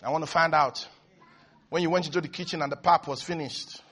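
Male pastor, high bright voice, animated sermon, hushed to shouting. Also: a little fast, husky, faint music behind. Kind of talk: energetic televised sermon.

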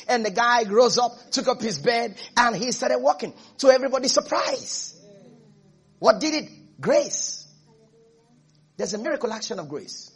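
High, husky-voiced male preacher. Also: lively intonation, normal speed. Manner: preaching with rising fervor and repetition, calls to congregation. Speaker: pastor. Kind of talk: sermon.

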